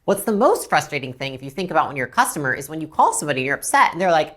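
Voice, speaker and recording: A woman teaching a business training lesson as a coach, blunt and animated, swearing freely. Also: deep voice, racing, hardly any pauses.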